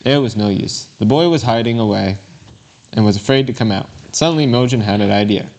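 A man reading a children's devotional story and Bible verses aloud, in a plain, unhurried manner with occasional slips. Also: fairly low pitch, darkish tone. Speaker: Bible lesson reader.

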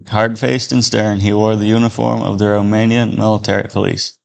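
Low, gravelly male storyteller. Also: flat delivery, normal speed, darkish tone. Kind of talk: reading a Christian story aloud.

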